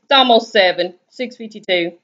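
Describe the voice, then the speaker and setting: A woman's voice: medium pitch, normal speed, a bit bright. A woman with a Southern US accent, chatting casually on her live stream and answering viewers' comments in a laid-back, drawling way. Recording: dull lo-fi stream audio.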